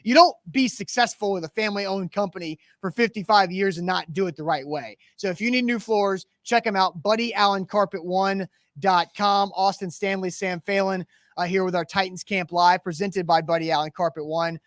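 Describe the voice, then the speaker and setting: A man's voice: high-pitched, normal speed, fairly bright tone, dry recording, studio quality. A man hosting a live sports talk show, chatting casually about football and reading sponsor plugs with energy. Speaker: sports podcast host.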